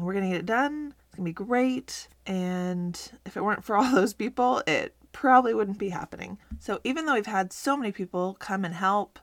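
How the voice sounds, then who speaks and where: A woman's voice: lowish voice, dry recording. A woman in her thirties hosting a faith-based mom podcast, talking casually and earnestly from a home closet with a slightly scratchy morning voice. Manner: upbeat, earnest, encouraging. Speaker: podcast host.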